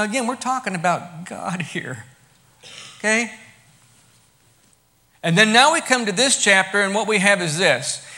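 High, bright-voiced male preacher. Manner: emphatic, dropping to quiet asides and rising to loud bursts. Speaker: pastor. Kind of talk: sermon.

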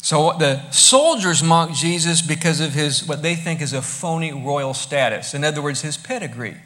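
A man preaching a sermon, emphatic, moving between quiet asides and loud bursts. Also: on the high side, animated, normal speed. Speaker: pastor.

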